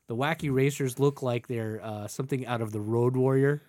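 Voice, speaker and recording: A man's voice: medium pitch, fairly even intonation, normal speed, darkish tone, no room sound, clean studio sound. A man chatting casually on a podcast, rambling and hesitant with lots of fillers. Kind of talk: casual chat.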